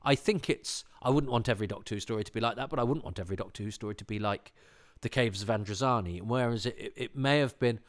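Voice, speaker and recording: A man's voice: medium pitch, quick pace. A man from England hosting a podcast, talking casually on his own, rambling with many restarts and enthusiastic asides. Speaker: podcast host. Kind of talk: casual solo commentary.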